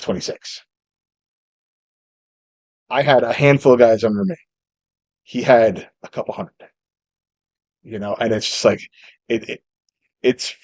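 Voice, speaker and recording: A man, a former Marine and chef, talking in a relaxed, reflective way as a podcast guest, with frequent restarts. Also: medium pitch, no echo. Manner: reflective, storytelling with many restarts. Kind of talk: casual conversation.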